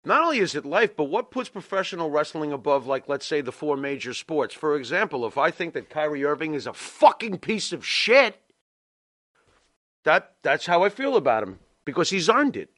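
Casting: blunt, foul-mouthed male co-host with a high, lively, bright voice, dry close sound. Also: moderate pace, no room sound. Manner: blunt, ranting, heavy swearing. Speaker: podcast co-host. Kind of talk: profane wrestling talk chat.

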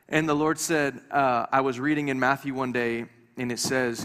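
A man's voice: medium pitch, little pitch movement, a little fast, few pauses, fairly bright tone. A man preaching a sermon to a congregation, talking conversationally with light humor and often repeating his words as he restarts. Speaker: pastor. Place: church hall before a congregation. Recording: long hall reverb.

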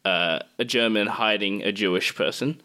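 A young man co-hosting a casual podcast, reading out jokey deadpan scores in a film review with crude slang. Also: fairly low pitch, moderate pace. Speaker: podcast co-host.

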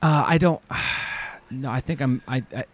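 A man's voice: medium pitch, normal speed, no echo. A man talking films as a podcast guest, his mid-range voice recorded dry and close. He hesitates a lot, filling gaps with "uh" while he searches his memory. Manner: hesitant, many fillers, knowledgeable. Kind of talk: casual film chat.

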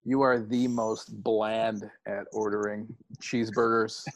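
A man co-hosting a podcast, a gravelly-voiced talker who chats casually and teases his friend in joking banter. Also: on the low side, little pitch movement, a little slow. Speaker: podcast co-host. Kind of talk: casual chat.

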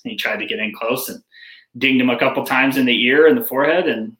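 Young male hockey player guest, blunt and animated, bright voice in an echoey room. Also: medium pitch, fast. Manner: blunt, animated storytelling with swearing. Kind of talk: casual interview chat.

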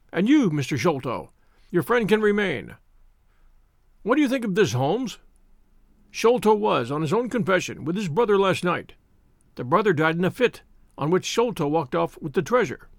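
A husky, wheezing police inspector, stout and full of himself, booms his theories in an audiobook reading, as a man puts him on. His pitch leaps high and swings all over the place, with a gravelly edge. The sound is close and dry. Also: dry recording, heavily acted. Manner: pompous, loud and boastful. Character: stout blustering middle-aged police inspector. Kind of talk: audiobook character voice.

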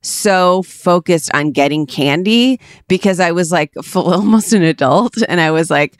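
A woman's voice: medium pitch, lively intonation, moderate pace, no room sound, studio quality. A woman co-hosting a podcast, telling stories in casual chat, full of "like" and laughing often. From Cleveland area, USA. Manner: chatty storyteller, lots of "like", laughs often. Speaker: podcast co-host.

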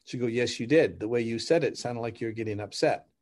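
Middle-aged guy on a podcast, chatty, tells stories, laughs a lot, mid pitched voice. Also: a little fast. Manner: animated, laughs while explaining, acts out dialogue. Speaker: podcast guest, relationship coach. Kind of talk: conversational storytelling.

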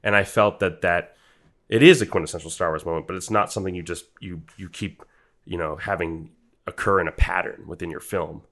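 A man with a very deep, low voice talks a film over with friends on a podcast. He is analytical and loose, piling on fillers and restarts as he builds his argument. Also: fairly quick, a bit bright. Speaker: podcast co-host. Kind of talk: casual film discussion.

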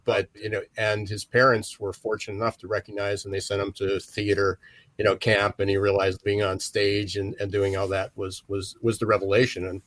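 A man's voice: on the low side, level tone, a little fast, fairly bright tone, no room sound. A man co-hosting an interview, talking in loose, rambling sentences full of restarts. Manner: rambling, many restarts and fillers. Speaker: podcast co-host. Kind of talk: conversational interview.

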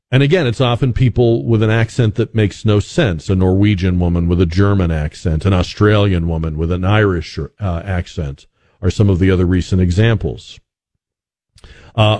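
A man's voice: fairly low pitch, darkish tone, no room sound. A man hosting a call-in radio talk show, musing conversationally with frequent restarts and fillers.

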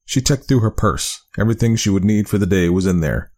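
A man narrating a spooky storybook tale with a measured, expressive reading. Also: on the low side.

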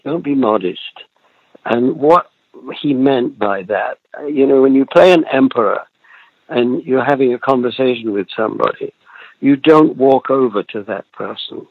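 Gravelly elderly man, muffled and dry. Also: medium pitch, normal speed, dry recording. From Britain. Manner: reflective storyteller, chuckles often, trails off mid-thought. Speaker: actor guest. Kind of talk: relaxed interview over a remote call.

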